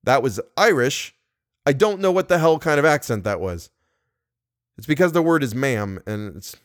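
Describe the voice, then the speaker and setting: A man's voice: medium pitch, animated, normal speed, no room sound, clean studio sound. A man reading a story aloud for his podcast, stopping to grumble at his own slips. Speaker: podcast host and reader.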